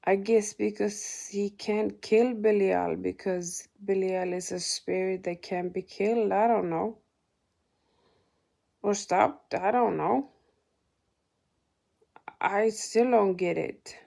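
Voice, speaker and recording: Slow, gravelly woman vlogger. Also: medium pitch, fairly even intonation, dark tone. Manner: indignant, swearing, partly whispered. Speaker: spiritual vlogger. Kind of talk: personal spiritual monologue.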